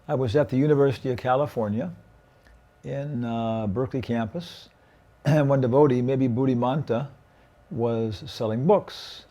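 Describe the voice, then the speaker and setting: A man's voice: medium pitch, moderate pace, mellow. A man casually recalling the past, often checking in with the listener. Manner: gravelly, checks in with "okay?" and "yeah?". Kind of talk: casual recollection.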